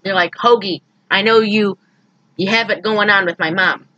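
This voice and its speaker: A woman chatting casually about a movie, animated and quick to act out characters' lines in high, loud voices. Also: muffled recording. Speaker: podcast co-host recapping a movie. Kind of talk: casual chat.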